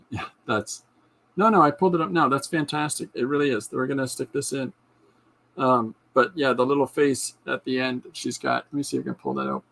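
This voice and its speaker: In a low-quality recording, a man of medium pitch with vocal fry and a somewhat bright tone hosts his podcast. This podcast host and comic artist chats casually in livestream style, excitedly rambling about his comic ideas and frequently starting sentences over.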